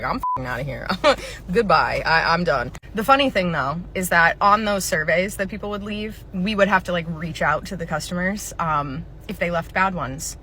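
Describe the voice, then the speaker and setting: A young adult woman telling animated comedic stories from a past retail job, often laughing and swearing. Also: lowish voice, a little hiss or hum. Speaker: comedy creator. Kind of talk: storytime comedy vlog.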